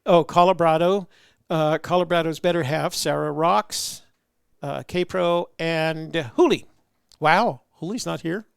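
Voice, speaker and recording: A man's voice: fairly high pitch, measured pace, vocal fry, clean tone, dry recording, clean studio sound. A man hosting a casual livestream chat. He rambles in a friendly way, with lots of fillers and restarts. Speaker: host.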